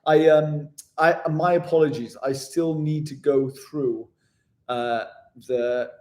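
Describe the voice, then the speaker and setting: A man's voice: on the high side, fairly even intonation, slow pace, darkish tone. A man, chatting casually as he answers viewer questions in a vlog, self-deprecating and calling people "mate". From West Yorkshire, England. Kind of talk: casual live Q&A.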